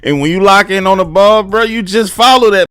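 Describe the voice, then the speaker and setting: A man's voice: sits high, brisk, a bit bright, clean tone, no room sound, studio quality. A laid-back man reacting to clips and giving casual commentary.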